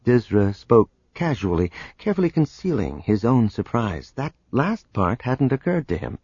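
A man reading a novel aloud as an audiobook narrator, in a measured, even storytelling manner. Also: mid-range voice, husky, no room sound, dull audio. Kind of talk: scripted narration.

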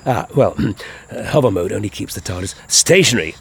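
A man's voice: lowish voice, lively intonation, normal speed, husky, voice pushed down. A man voicing an eccentric time-travelling doctor who hesitates and stammers fussily. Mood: fussy.

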